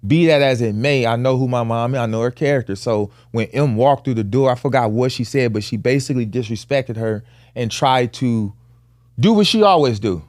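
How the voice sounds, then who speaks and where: A man's voice: medium pitch, fairly quick, a little mellow, dry recording. Male podcast co-host, forties, earnest storyteller, mid-range voice, dry sound. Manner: earnest, emphatic, casual vernacular speech. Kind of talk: candid conversational storytelling.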